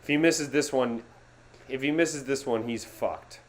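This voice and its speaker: A young man hosting a live sports reaction stream, swinging from gloomy muttering to excited yelling and talking to his chat. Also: medium pitch, measured pace. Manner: talks to chat viewers by name.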